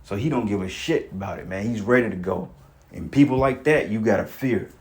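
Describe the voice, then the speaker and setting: A man with a lowish voice reads news aloud and breaks off to comment. His asides ramble in a streetwise way and are full of swearing. He often repeats words and restarts his sentences. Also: fairly quick. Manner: profane, rambling, streetwise talk.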